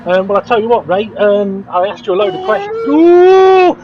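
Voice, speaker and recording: Man, race commentator, excitable, laughs a lot, fairly high voice, dull lo-fi sound, noise behind. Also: quick pace. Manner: excitable, laughs often, rises sharply at incidents. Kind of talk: sim racing commentary. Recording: dull lo-fi audio with clear background noise.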